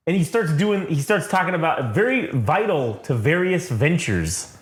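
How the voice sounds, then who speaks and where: A man co-hosting a casual comic book review podcast. He talks in an animated, profane way and acts out the scenes. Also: on the high side, normal speed, echoey room. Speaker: podcast co-host.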